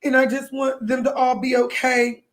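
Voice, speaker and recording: A woman's voice: high-pitched, little pitch movement, moderate pace, slight background noise. A young adult woman talking to viewers on a livestream, tearful and crying, rambling and pleading with many apologies. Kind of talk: emotional livestream talk to viewers.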